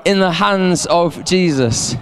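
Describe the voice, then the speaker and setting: A man's voice: sits high, takes it slowly. Man preaching in an echoing hall. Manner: animated, repeats words, asks the audience to respond. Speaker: pastor. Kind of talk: sermon. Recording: long hall reverb.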